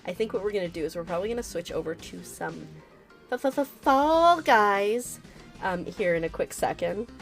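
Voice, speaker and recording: A woman's voice: lowish voice, fast, few pauses, a little mellow, soft background music. Giggly woman streaming a game. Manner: chatty and giggly, reacting to the game. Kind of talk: casual live-stream gameplay chat.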